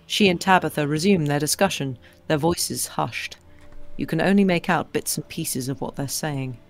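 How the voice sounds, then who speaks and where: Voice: mid-range voice, moderate pace. A co-host reading the narration of a story game aloud, with dry, teasing asides.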